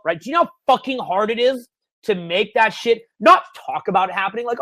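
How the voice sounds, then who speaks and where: Excitable profane man, dry close sound. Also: sits high, a little fast, dry recording. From Canada. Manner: profane, excitable, shifts between mumbled asides and loud bursts. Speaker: dating coach. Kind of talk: webinar Q&A.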